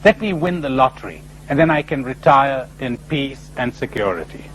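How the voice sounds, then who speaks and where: A man's voice: mid-range voice, animated, moderate pace, slight background noise, lightly acted, low-quality recording. A man voicing a pious old man who pleads and bargains with God in a storytelling talk. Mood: pleading. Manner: pleading, insistent.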